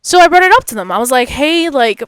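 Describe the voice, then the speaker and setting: A woman's voice: sits high, sing-song, rapid-fire, fairly bright tone, clear, resonant tone, no room sound. Chatty young woman telling a story. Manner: chatty, rambling, lots of fillers and asides. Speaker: podcast host. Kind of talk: personal storytelling.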